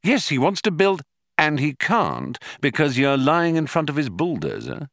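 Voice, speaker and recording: A man voicing a bewildered young man who speaks plaintively, his voice pitched up in a storybook reading. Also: huge pitch swings, moderate pace, gravelly, a bit bright, dry recording, clean studio sound, exaggerated voice.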